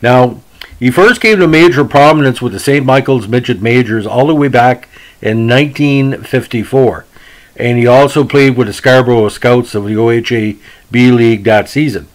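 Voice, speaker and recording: Casual male podcast host, middle pitch, rambling delivery. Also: normal speed, poor audio. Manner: rambling, with many fillers and restarts. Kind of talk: casual hockey history podcast.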